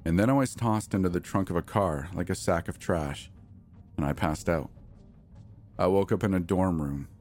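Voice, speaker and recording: Male horror narrator, very low voice, measured and tense delivery. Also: a little mellow, faint music behind. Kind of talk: scripted first-person horror narration.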